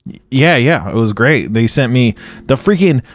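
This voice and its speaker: A man's voice: mid-range voice, animated, moderate pace, no echo. A man co-hosting a podcast in casual chat, easygoing and rambling with lots of hedges. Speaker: podcast co-host.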